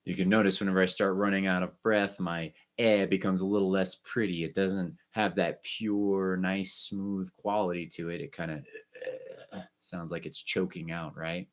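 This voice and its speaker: A man teaching an online music lesson, guiding students through breathing and warm-up exercises with short, encouraging instructions. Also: low voice, steady tone, moderate pace.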